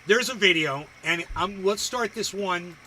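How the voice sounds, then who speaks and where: A man's voice: high voice, a little slow, bright, forceful tone, slight background noise, low-quality recording. A man hosting a livestream, reacting to videos with profane, crude ranting and insults. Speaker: livestream host.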